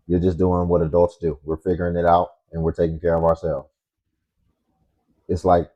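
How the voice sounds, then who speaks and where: A man's voice: deep voice, warm tone, lo-fi sound. A man reacting to clips with blunt, matter-of-fact commentary as host.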